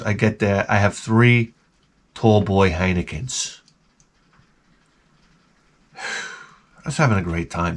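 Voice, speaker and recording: A man's voice: on the low side, vocal fry. Rambling, foul-mouthed man. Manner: rambling, swears a lot, drops into mouth sound effects. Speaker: retro gaming vlogger. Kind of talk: rambling profane monologue.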